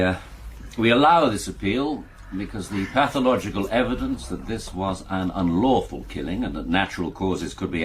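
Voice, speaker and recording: A judge delivering a ruling in a formal, measured way. His voice is very low, with faint room noise behind it. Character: appeal court judge.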